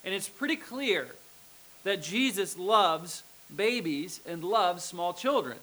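A man's voice: high voice, expressive, takes it slowly, pushed and bright, poor audio. A male pastor preaching a sermon in a conversational way, often checking in with the congregation. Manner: conversational, checks in with "okay?" and "right?".

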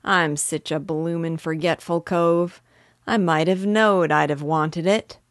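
Storybook figure: a woman reading as a bumbling Cockney burglar with a low, slangy voice. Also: fairly even intonation, slow, no room sound, clean studio sound. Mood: sheepish. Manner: dropped and added h sounds, slangy.

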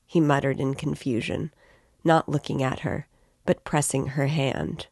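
A woman reading a novel aloud in a measured, even way, as the show's guide, on a close mic. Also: rumbling low, gravelly, no room sound. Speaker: reader and guide.

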